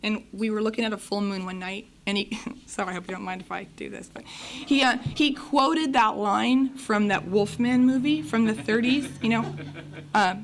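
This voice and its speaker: A woman's voice: medium pitch, normal speed, a little hiss or hum. A woman from Los Angeles telling her recovery story to a meeting, acting out what others said and often laughing as she talks. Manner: lively storyteller who acts out what others said; laughs while telling stories. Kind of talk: personal testimony talk. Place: meeting hall podium.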